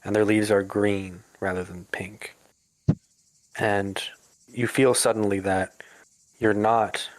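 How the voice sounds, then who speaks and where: Low-voiced man narrating a game. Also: no echo, poor audio. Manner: pausing, descriptive. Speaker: game master.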